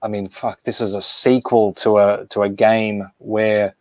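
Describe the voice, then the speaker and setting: Man, podcast co-host, lowish voice, blunt, swears freely. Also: little pitch movement, unhurried, darkish tone, no room sound, poor audio. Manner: blunt, swears when annoyed. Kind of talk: casual podcast chat.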